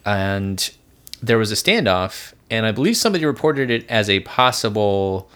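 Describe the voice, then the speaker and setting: A man's voice: fairly low pitch, sing-song, normal speed, a bit bright, smooth. A man co-hosting a podcast, telling a story in a rambling, casual way with restarts and laughs. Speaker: podcast co-host.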